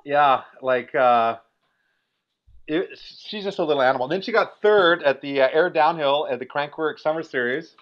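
A middle-aged Canadian man with a Canadian accent, a podcast guest telling an excited story and acting out voices as he goes. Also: fairly high pitch, moderate pace, lo-fi sound. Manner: energetic, animated, acts out voices in his stories.

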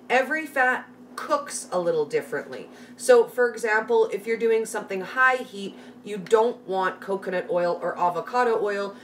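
A middle-aged Canadian woman hosting a live recipe tutorial from her home kitchen, chatting and greeting viewers by name. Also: mid-range voice. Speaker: live cooking host. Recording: slightly distant mic, faint background noise.

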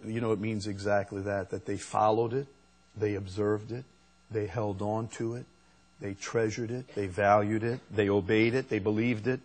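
A man preaching a sermon as pastor, slow and unhurried, rising to emphatic peaks. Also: fairly low pitch, steady tone, a little mellow.

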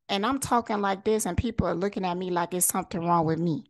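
A woman's voice: on the low side, fast talker, hardly any pauses, dry recording. A woman vlogger delivering a heated, profane monologue straight to camera, firing rhetorical questions and repeating lines for emphasis. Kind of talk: impassioned direct-to-camera monologue.

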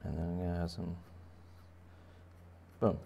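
A man's voice: sits low, moderate pace, gravelly, darkish tone. A man giving a playful, rambling drawing lesson for children, with many fillers. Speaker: drawing teacher. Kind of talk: casual drawing tutorial for kids.

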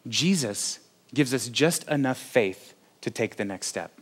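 A man's voice: medium pitch, animated, a little slow, breathy edge. Joking conversational male pastor. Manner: conversational, self-deprecating humor. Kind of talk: sermon.

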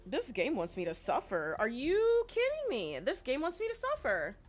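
A woman doing let's play commentary, excitable, panicking and swearing, often repeating herself. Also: high-pitched, moderate pace, faint music behind. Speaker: gaming YouTuber.

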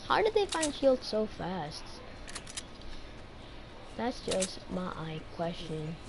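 A woman chatting casually while playing an online game with a teammate, excitable and often pleading or shouting. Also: lowish voice, takes it slowly. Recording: noisy game audio behind.

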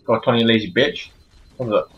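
A man's voice: mid-range voice, brisk, a bit bright, a little hiss or hum. Profane, exasperated gamer man, lo-fi. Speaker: gameplay commentator. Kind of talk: let's play commentary. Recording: dull lo-fi home recording.

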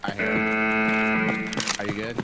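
A man's voice: on the low side, monotone, takes it slowly. Laid-back teasing man on a game call. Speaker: teammate in a game. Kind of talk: casual gaming chat. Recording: loud music behind the voice.

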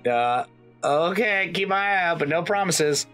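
A let's play co-host reading game dialogue and narration aloud between giggles and banter with a friend. The pitch moves constantly, leaping up and down in an animated way. A faint bed of music sits behind the voice. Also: unhurried. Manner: giggly, reads game text aloud, swings pitch widely.

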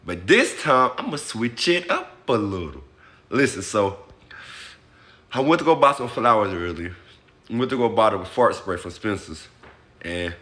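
A young man hosts a casual vlog from inside his car. He talks to his viewers in loose slang, full of hype, and his pitch swings widely. His voice sits in a middle register for a man. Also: bright, forceful tone. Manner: hyped, slangy, addresses viewers as y'all. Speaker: vlogger host. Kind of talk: casual vlog talk to camera. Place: in a parked car.

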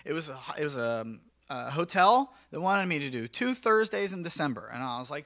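A man's voice: on the high side, lively intonation, brisk, hardly any pauses, a bit bright. A young man, a mobile DJ, talking casually and energetically in a vlog, acting out his talks with clients in a slangy, upbeat way. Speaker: mobile DJ and vlogger.

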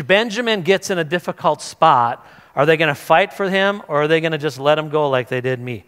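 Retelling a scripture story during his sermon, a male pastor speaks in a smooth, fairly bright, slightly high voice. He keeps it casual, restarting frequently and performing the characters, and the church hall adds a long reverb.

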